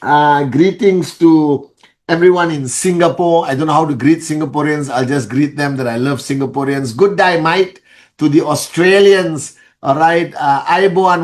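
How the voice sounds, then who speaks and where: A middle-aged man leading a live online call, speaking softly and greeting viewers one by one by name. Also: a little high, fairly even intonation, moderate pace. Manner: softly spoken; greets viewers by name with many shout-outs. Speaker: leader of a network-marketing live call. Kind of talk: live-stream motivational talk.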